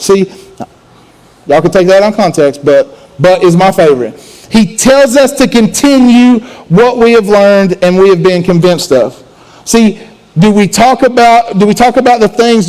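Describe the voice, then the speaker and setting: A man delivers a sermon as a student pastor. His voice sits high for a man. He talks like a friend across the table, stumbling, repeating and restarting as his thoughts run ahead. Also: darkish tone, rough recording. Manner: conversational, repeats words and restarts often.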